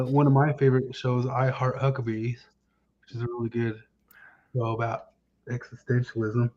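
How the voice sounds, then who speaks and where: A man hosting a casual podcast chat, rambling and often pausing with fillers while searching for names. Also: medium pitch, little pitch movement, a little mellow. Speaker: podcast host. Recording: dull lo-fi sound.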